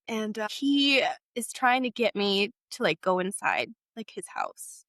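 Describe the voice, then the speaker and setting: A young woman sharing a painful personal story, halting and emotional, with frequent fillers. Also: medium pitch, animated, a bit bright, dry recording, clean studio sound. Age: young adult.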